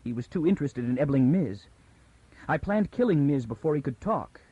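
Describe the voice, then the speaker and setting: A man voicing a frightened young woman who reasons tensely through her fear, pitched above his own voice. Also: lively intonation, normal speed, warm tone, breathy edge, dry recording, highs cut off. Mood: fearful.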